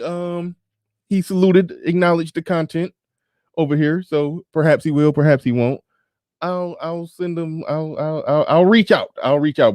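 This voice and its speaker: A man's voice: medium pitch, a little mellow, no room sound, studio quality. A man hosting a casual livestream, talking bluntly and profanely with laughs and sarcastic asides while reading viewer super chats. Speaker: livestream show host.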